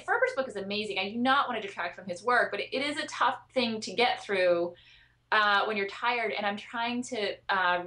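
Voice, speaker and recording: Interviewed on a podcast as a child sleep expert, this woman speaks at a medium pitch with a sharp tone. Her talk is earnest and chatty, peppered with fillers and frequent restarts.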